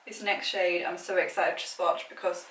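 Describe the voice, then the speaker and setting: A woman's voice: on the low side, little pitch movement, moderate pace, fairly bright tone. A British woman vlogging casually about makeup, chatty and gushing, with lots of filler words. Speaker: beauty vlogger. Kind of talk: casual makeup swatching chat. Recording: echoey room, mic at a distance.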